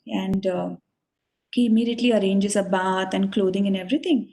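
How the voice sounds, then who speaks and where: A woman's voice: mid-range voice, steady tone, normal speed, gravelly, dark tone, rough recording. A woman teacher telling a sacred story to a children's class, earnest and full of fillers. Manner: earnest, with many fillers and restarts.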